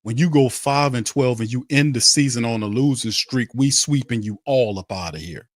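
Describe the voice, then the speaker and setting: A man's voice: mid-range voice, moderate pace, no echo, studio quality. A man hosting a sports podcast, ranting angrily about his team and mocking its players. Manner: angry, mocking, repetitive ranting. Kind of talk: heated sports rant.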